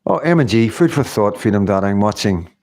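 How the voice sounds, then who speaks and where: A man's voice: on the low side, lively intonation, a little fast, a little mellow. A middle-aged man hosting a casual livestream, chatting in a rambling way and laughing often. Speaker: livestream host. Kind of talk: casual live-stream chat.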